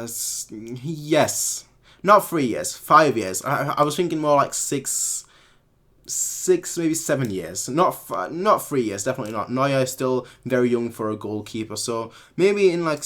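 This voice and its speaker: A man's voice: mid-range voice, a bit bright. A man from Munich hosting a fan live stream, answering viewer comments in a rambling way and repeating words as he corrects himself. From Munich, Germany. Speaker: fan channel host.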